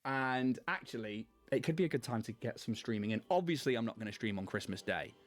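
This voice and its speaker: A man's voice: medium pitch, animated, a little fast. Casual male host, chatty and self-deprecating, painting-stream banter, faint music behind. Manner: chatty, self-mocking, laughs often. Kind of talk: casual chat while painting miniatures on a livestream.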